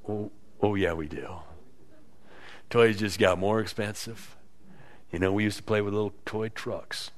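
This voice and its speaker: A man preaching a sermon as pastor, animated and emphatic, swinging between quiet stretches and loud peaks, acting out quotes with a sarcastic edge. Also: lowish voice, normal speed, pauses often. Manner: acts out quotes with sarcastic inflection.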